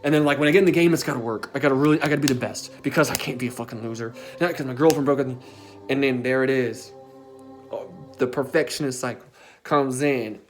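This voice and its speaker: A man's voice: mid-range voice, quick pace, music in the background. A young man telling a personal story in a casual, emphatic way, as a self-development coach. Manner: casual and emphatic, with frequent filler tags and swearing.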